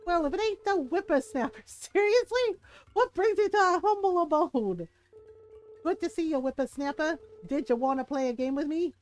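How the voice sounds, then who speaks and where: A woman's voice: high voice, animated, moderate pace, pitched above the performer's own voice. A woman reading a folksy, teasing old male villager from a video game aloud, with a drawling old-timer manner.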